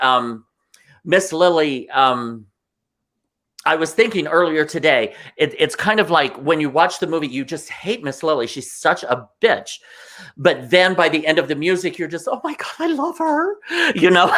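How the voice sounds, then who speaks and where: A man as a guest on a talk show, telling stories in an animated, emotional way and acting out the voices of the people in them. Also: mid-range voice. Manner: excitable, emotional, acts out voices in anecdotes. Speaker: guest performer. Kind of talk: animated interview storytelling.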